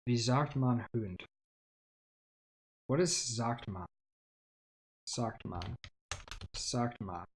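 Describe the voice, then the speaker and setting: A man's voice: medium pitch, expressive, drawn-out words, pauses often. A man on a casual livestream, teaching himself a language, sounding out words hesitantly and thinking aloud. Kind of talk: casual self-study livestream.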